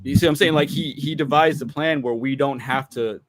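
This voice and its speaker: A man's voice: a little high, a little fast, a little hiss or hum, low-quality recording. A man on a video call arguing his beliefs in a casual debate. He talks earnestly and persuasively, often repeating himself and checking that the listener follows. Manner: earnest, persuasive, repeats himself and asks "you know what I'm saying?". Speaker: guest on a livestream debate.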